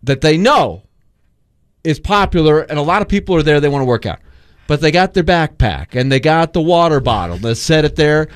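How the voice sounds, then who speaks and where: A man on sports radio talks loosely and circles around his point. His voice runs a little high and swings up and down a lot. The sound is dry and close to the mic. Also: brisk, no room sound. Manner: rambling, animated, full of fillers. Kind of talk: casual radio talk.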